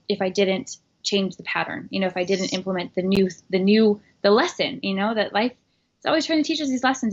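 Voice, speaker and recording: Earnest, filler-heavy woman on a podcast. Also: medium pitch. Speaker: podcast guest. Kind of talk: casual interview talk. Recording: dull lo-fi recording.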